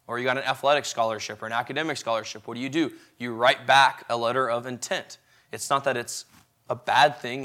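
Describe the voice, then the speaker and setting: A man delivers an evening sermon at a medium pitch, speaking casually and often putting questions to his listeners. His delivery is lively, rising and falling in loudness and speeding up or slowing down as he explains. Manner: conversational, asks the audience questions; lively, shifting loudness and pace. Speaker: preacher.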